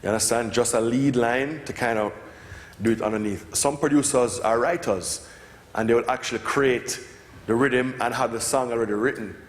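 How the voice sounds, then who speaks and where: A middle-aged Jamaican man, a record producer giving a casual lecture, who tells lively stories, swears freely and slips into patois impressions. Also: medium pitch, normal speed. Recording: echoey hall with long reverb.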